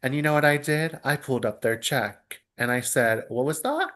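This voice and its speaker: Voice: mid-range voice, moderate pace, fairly bright tone. A speaker in a casual group chat, recounting run-ins bluntly and with attitude.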